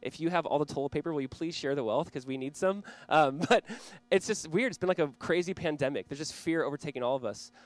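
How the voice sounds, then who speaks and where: A man's voice: on the high side, fast talker, few pauses, no echo. A man in his thirties preaching a sermon as pastor, conversational and earnest, with small laughs and restarts.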